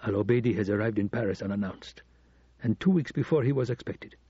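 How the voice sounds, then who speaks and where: A scheming embassy administrator who stays respectful while dropping sly hints, as an audiobook reader plays him. The voice is husky and dark. The recording is dry and dull, like an old cassette. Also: male voice, lowish voice, brisk, no echo. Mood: urgent. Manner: quiet, respectful, insinuating.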